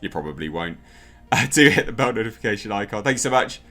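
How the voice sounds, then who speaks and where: A man's voice: fairly low pitch, expressive, fast, bright, forceful tone, soft background music. A man reviewing a TV episode in a casual, sarcastic and exasperated rant.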